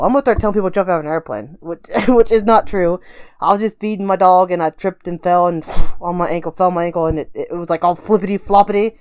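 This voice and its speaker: A young woman rambles quickly through a casual story time for her vlog, checking in with "right?" after nearly every thought. Her voice is smooth and clear, and she is still recovering from a broken ankle. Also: mid-range voice, darkish tone. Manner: rambling, fast, lots of "right?" and "like". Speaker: vlogger.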